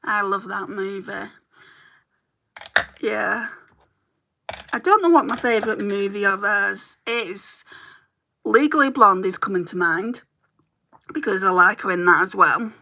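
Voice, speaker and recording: Chatty woman with a gravelly, bright voice. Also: medium pitch, a little slow, long pauses, poor audio. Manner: chatty and rambling, laughs easily. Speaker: beauty YouTuber. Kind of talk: casual chat while doing makeup.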